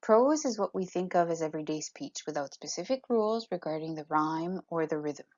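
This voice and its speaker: A woman teacher explaining in a clear, step-by-step way and reading examples aloud with a steady beat. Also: sits low, brisk, highs cut off. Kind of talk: recorded classroom lesson.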